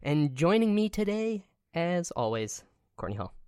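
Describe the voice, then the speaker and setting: A young adult man co-hosts a relaxed podcast, talking in loose, rambling runs full of fillers and restarts. The sound is dry and close, with no room around it. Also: a little high, unhurried, clear, resonant tone, no room sound. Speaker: podcast co-host. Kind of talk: casual chat.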